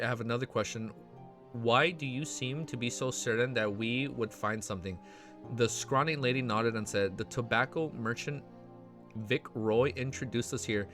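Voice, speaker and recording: Laughing man reading a web novel aloud. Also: medium pitch. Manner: laughs often, breaks off into excited asides. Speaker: web novel reaction host.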